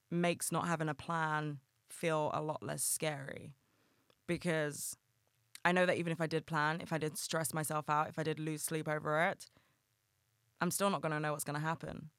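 Candid young man, bright and crisp. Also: on the high side, no room sound, studio quality. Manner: candid, earnest, swears casually. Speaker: podcast host. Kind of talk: solo podcast monologue.

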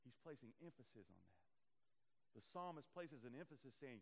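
A man's voice: medium pitch, sing-song, a little fast, creaky, in a large hall. A man preaching a sermon as pastor, earnest, with swelling and falling emphasis and repeated phrases.

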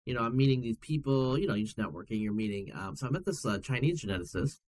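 Animated male guest, lively storytelling. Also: medium pitch, fast talker. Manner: animated storyteller, laughs often, acts out quoted voices. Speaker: guest geneticist and writer. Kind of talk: casual podcast conversation.

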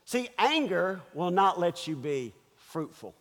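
A man's voice: high-pitched, very animated, slow pace, a bit bright, long reverb tail. A man preaching a sermon as pastor, firing off emphatic rhetorical questions. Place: church.

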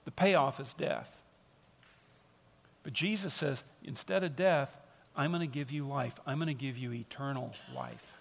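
A man's voice: medium pitch, measured pace, vocal fry. A man preaching a sermon as pastor, earnest and emphatic, repeating key phrases for stress. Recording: long reverb of a large hall.

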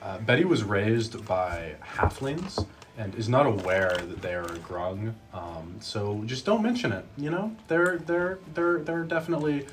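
A man introducing his character at a tabletop game, halting and repeating himself. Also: fairly low pitch, background noise. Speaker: player. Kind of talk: casual chat.

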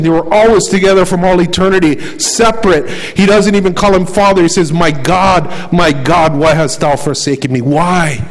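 A male preacher delivering a sermon, firing off rhetorical questions and slowing down to repeat key phrases. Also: on the high side, rough recording.

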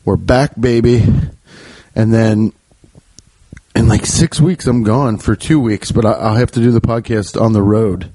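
A man's voice: on the low side, a little slow, mellow, no echo. A man hosting a podcast, chatting in a loose, joking way that keeps interrupting itself. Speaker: podcast host and comedian. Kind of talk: casual rambling podcast monologue. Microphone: podcast microphone.

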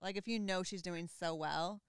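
A woman's voice: lowish voice, steady tone, normal speed, a little hiss or hum. A woman chatting casually with a friend, reacting supportively and giving her opinion. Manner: supportive, reacts with short comments. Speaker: friend listening. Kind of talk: casual chat.

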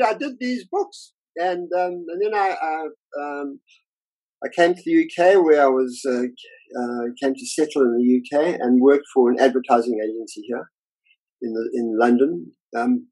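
This is an aging illustrator chatting informally with an interviewer, spinning energetic career anecdotes and voicing the characters in them. His voice sits slightly high, and the sound quality is poor.

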